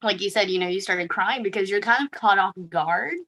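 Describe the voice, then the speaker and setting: A woman hosting a casual chat, easygoing and quick to laugh. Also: medium pitch, fairly bright tone, rough recording. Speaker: host.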